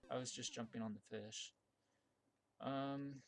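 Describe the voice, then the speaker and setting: A man at an ordinary mid pitch chats his way through a game stream, thinking aloud and restarting sentences. He jumps to loud, high yelps when the game surprises him. Faint music plays underneath. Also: slow. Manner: chatty, thinks aloud with many restarts and fillers; bursts of high excitement at surprises. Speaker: streamer playing viewer-made levels. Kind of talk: casual live-stream gameplay commentary.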